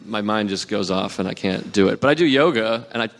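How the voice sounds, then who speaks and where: A man's voice: on the low side, fairly quick, long reverb tail. A man in his forties, a comedian guest on a live podcast, telling frank, self-deprecating stories. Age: 40s. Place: live theater stage with audience. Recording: live stage recording with clear background noise.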